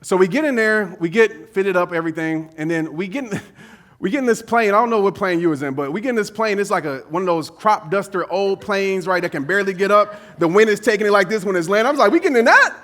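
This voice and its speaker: A man in his thirties giving a motivational keynote, telling a story in a lively, conversational way, acting out quotes and laughing often. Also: sits high, quick pace. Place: conference stage before a live audience.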